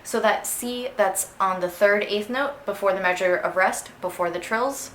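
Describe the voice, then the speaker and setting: A woman's voice: medium pitch, normal speed, fairly bright tone. Chatty woman teaching clarinet, echoey room. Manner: casual, chatty, sings phrases aloud. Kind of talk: instructional music lesson. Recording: echoey room with faint noise.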